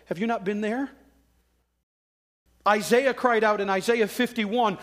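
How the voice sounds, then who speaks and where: A man's voice: high voice, measured pace, long pauses, fairly bright tone. A man preaching a sermon in a conversational way, acting out quoted voices. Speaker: pastor.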